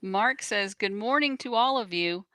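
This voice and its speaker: A woman co-hosting a live stream, reading viewer messages aloud in a plain, steady way and adding brief reactions. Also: mid-range voice, unhurried. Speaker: co-host reading out viewer questions.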